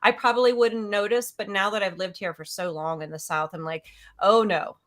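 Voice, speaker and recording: Bright-voiced enthusiastic woman. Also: mid-range voice, flat delivery, a little fast. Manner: enthusiastic, laughs often. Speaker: podcast co-host. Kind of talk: casual film discussion chat.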